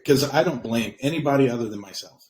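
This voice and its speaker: A man's voice: medium pitch, fast, a little mellow, poor audio. Self-deprecating man reflecting as a guest. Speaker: guest, comedian and actor. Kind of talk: casual interview chat.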